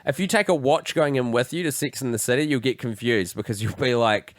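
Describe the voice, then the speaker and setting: A man's voice: medium pitch, fairly quick, dry recording. A man co-hosting a comedy podcast, making crude, sardonic jokes in casual chat. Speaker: podcast co-host.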